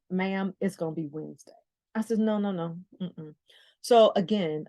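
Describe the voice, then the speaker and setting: A middle-aged woman from the Bay Area hosting a podcast, telling a story with lively acted-out dialogue and repeated phrases. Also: medium pitch, dry recording. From San Francisco Bay Area. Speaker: podcast host. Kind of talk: storytelling motivational talk.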